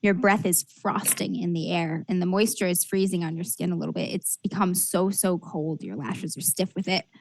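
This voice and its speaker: A woman's voice: on the low side, fairly even intonation, moderate pace, creaky, few pauses, darkish tone, no echo. A woman game master narrates a tabletop adventure scene by scene. Her delivery is descriptive and casual, with frequent fillers and restarts. The sound is dry and close, with no room around it.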